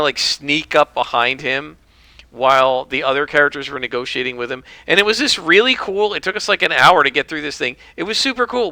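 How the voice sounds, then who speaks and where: Guy rambling on his podcast, gravelly and tense voice, dry close mic. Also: on the high side, bright, forceful tone, no room sound. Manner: rambling, opinionated. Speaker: podcast host. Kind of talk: casual solo commentary.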